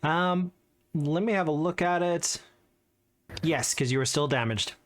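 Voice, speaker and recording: Man, game master, slightly high pitch, easygoing, matter-of-fact rulings. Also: unhurried. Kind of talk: running a tabletop game over voice chat.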